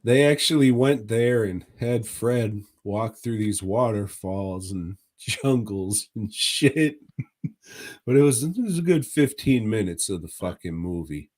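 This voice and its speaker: Man, podcast co-host, deep voice, unhurried, profane rambling movie chat. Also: expressive, a little mellow. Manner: laid-back, profane, rambling. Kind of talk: casual movie review chat.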